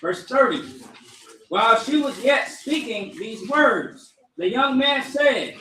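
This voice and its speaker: A man reading scripture aloud in a measured, deliberate way. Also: extremely high pitch, lively intonation, sharp tone, roomy sound, recorded from a distance, slight background noise, rough recording. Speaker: scripture reader.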